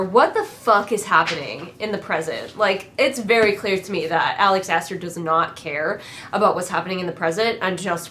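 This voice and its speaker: A woman talks through a book she clearly finds ridiculous, in a loose and sarcastic review. Her exasperation shows in the frequent swearing. Her voice sits at an ordinary middle pitch. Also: a bit bright, a little hiss or hum. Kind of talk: casual book critique.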